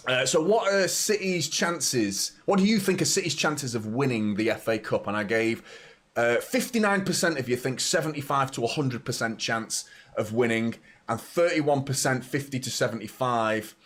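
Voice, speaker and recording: A man's voice: medium pitch, lively intonation, normal speed, a bit bright. A young man hosting a football watchalong live stream, chatting casually, reading out viewer comments and often stumbling over his words. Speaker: football channel host.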